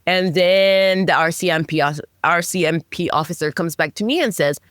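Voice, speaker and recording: Animated storyteller woman, low voice. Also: moderate pace, no echo, studio quality. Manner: animated storytelling, pitch jumps on emphasis; frequent restarts and self-corrections. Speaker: podcast guest. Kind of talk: recounting a personal story in an interview.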